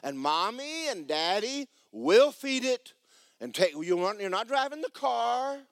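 A man preaching a sermon as pastor in a church, animated and emphatic with folksy humor. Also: very high voice, measured pace, dry recording, clean studio sound. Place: church sanctuary.

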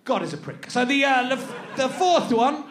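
A man's voice: very high-pitched, big pitch swings, normal speed, a bit bright. A male stand-up comedian performing live, sarcastic and incredulous, teasing the audience as he reads out a list. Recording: echoey venue with audience laughter.

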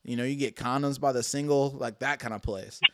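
Man, smooth clear voice, dry close sound, slangy laid-back host. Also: medium pitch, steady tone, brisk, no room sound. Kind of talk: casual chat.

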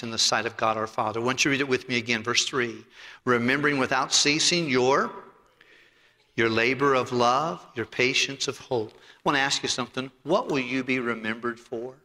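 A man preaching to his congregation in a sermon, with a forceful, cutting tone. He swings from loud emphatic lines to soft, intimate asides, and tells stories along the way. His voice rings out with a long reverb in a large sanctuary. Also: mid-range voice. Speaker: pastor. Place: church sanctuary.

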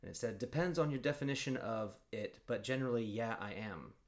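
A man chatting casually as a podcast co-host, rambling through a story and reading messages aloud in a flat voice. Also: mid-range voice, fairly quick. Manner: rambling storyteller, swears, reads chat logs aloud in a flat voice. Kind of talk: casual chat.

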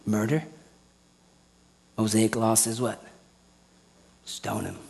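A man preaching a sermon, firing rhetorical questions at his congregation and swinging from quiet teaching to loud indignation. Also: fairly low pitch, little pitch movement, slow, gravelly, breathy edge.

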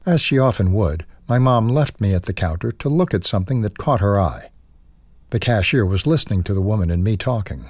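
A man with a husky voice reading a newsletter aloud, measured and unhurried. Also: on the low side, expressive, darkish tone, no room sound. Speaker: newsletter reader.

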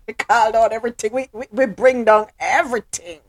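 A Jamaican woman hosting a casual news podcast, switching between patois and standard English in an animated way. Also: mid-range voice, brisk, hardly any pauses. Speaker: podcast host.

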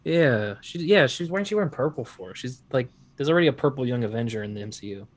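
A man's voice: mid-range voice, expressive, quick pace. A man co-hosting a comic book podcast, chatting casually with opinionated, jokey remarks. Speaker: podcast co-host. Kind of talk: casual chat.

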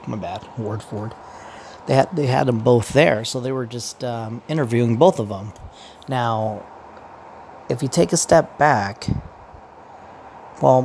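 A man's voice: medium pitch, creaky, a little mellow, a little hiss or hum. A man giving casual, rambling commentary as a podcaster, profane and meandering, with many restarts.

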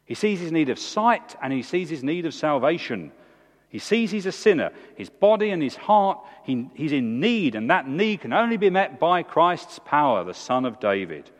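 A man, preaching a sermon in a church with emphatic, animated delivery. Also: normal speed. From England. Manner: animated, emphatic preaching with big swings in pitch. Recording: long hall reverb.

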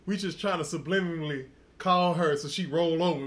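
A man's voice: fairly high pitch, brisk. Profane, laughing man telling a story. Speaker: podcast host. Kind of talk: casual storytelling.

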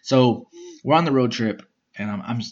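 A young man telling a rambling, profane story in a casual, animated way, often doing impressions of other people. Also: mid-range voice, moderate pace, muffled recording. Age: young adult.

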